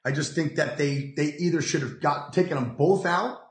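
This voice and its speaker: A man with a slightly high voice co-hosts a casual sports chat, recorded in an echoey room. He gives emphatic opinions and often repeats his phrases. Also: normal speed.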